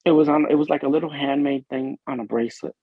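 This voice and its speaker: Gravelly police officer telling his story. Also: on the high side, fairly even intonation, no echo. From Illinois, USA. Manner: earnest, emotional, halting storytelling. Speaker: police officer, interview guest. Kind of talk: personal testimony in a podcast interview. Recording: dull lo-fi dry recording.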